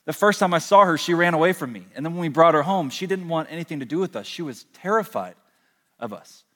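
A man's voice: a little high, animated, fairly bright tone. Young male pastor in a reverberant hall. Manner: conversational storytelling with slow emphatic pauses. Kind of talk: sermon. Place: large hall, speaking from a stage.

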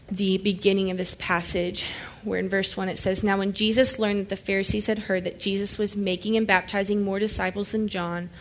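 A woman teaching a Bible passage, reading verses aloud and explaining them in a conversational way, sometimes acting out the people in lively everyday voices. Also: mid-range voice.

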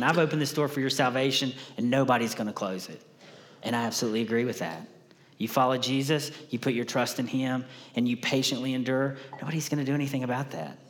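Man, preacher, casual sermon, repeats points for emphasis, mid pitch, long church reverb. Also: a bit bright. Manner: conversational, repeats key lines for emphasis. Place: church sanctuary.

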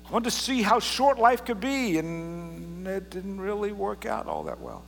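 A pastor preaching a casual, joking sermon and reading scripture aloud with drama. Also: male voice, high voice, very animated, a little slow, vocal fry, fairly bright tone, long reverb tail, slight background noise. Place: church sanctuary.

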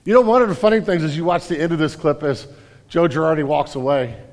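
A man preaching a sermon in a lively, animated way, acting out quotes loudly. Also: fairly high pitch, fast talker. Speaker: pastor. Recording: hall reverb.

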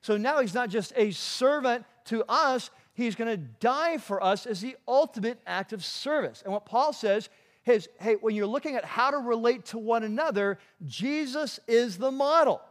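A man's voice: very high voice, lively intonation, moderate pace. A man preaching a sermon in a conversational way, with frequent restarts and asides to the congregation. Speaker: pastor.

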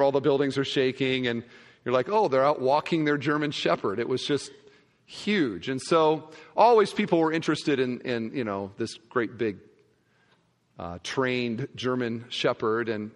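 A male pastor preaching a sermon, telling a humorous story in a conversational, animated way. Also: mid-range voice. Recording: long hall reverb.

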